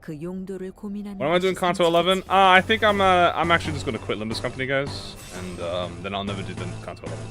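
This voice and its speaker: Streaming a game, this young guy rambles to his chat at a fast clip, poking fun at himself as he goes. His voice sits a little high, and game music runs underneath the casual commentary.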